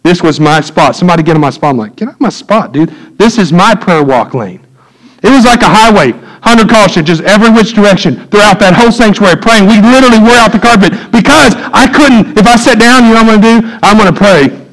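A man, preaching a sermon in a church, swinging from loud emphatic peaks to low quiet asides. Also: fast, few pauses, poor audio. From United States. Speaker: pastor. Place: church sanctuary.

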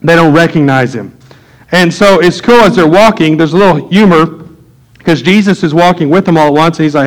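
A man's voice: on the high side, brisk, poor audio. A man, a pastor, preaching a conversational sermon, acting out little voices and asides.

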